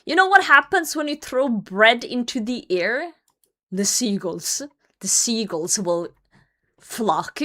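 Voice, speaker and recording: A young adult woman chats casually with her livestream audience, telling a rambling story. She swears freely and gets animated, then drops into low mumbles at the ends of her thoughts. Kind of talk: casual storytelling to stream chat.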